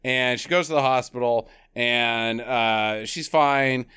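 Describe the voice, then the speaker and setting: An American man co-hosting a casual movie-review podcast, animated and laughing often. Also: medium pitch, takes it slowly, clean tone. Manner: animated, laughs often, slips into mock British accents. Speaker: podcast co-host.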